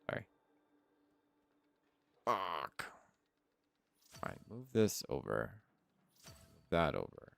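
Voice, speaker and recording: A man's voice: deep voice, extremely slow, creaky, long pauses, dry recording. A male live streamer chatting casually with his viewers, swearing freely and drifting off topic. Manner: swearing, animated, easily sidetracked. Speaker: live streamer answering chat.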